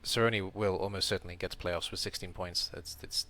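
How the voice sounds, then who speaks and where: A man's voice: sits low, steady tone, brisk, sharp tone. A man streaming a casual round-up of his game league as host, rambling and correcting himself as he thinks aloud.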